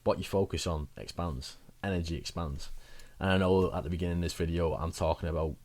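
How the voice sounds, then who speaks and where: A man's voice: low-pitched, steady tone, fairly quick, darkish tone, slight background noise. A young man giving rambling, chatty advice in a casual vlog, laughing at himself now and then. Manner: chatty, rambling, self-mocking with frequent laughs. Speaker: wellbeing vlogger.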